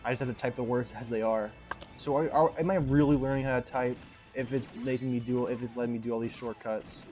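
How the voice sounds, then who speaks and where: A man in casual chat while playing a game on stream, dry and quick to swear at it. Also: mid-range voice, steady tone, darkish tone, soft background music.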